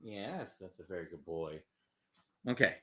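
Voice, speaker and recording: A man training a dog on camera, gently encouraging it and explaining each step. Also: low-pitched, animated, unhurried, recorded from a distance. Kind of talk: live training demonstration with explanation. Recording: echoey room, off-mic, faint noise.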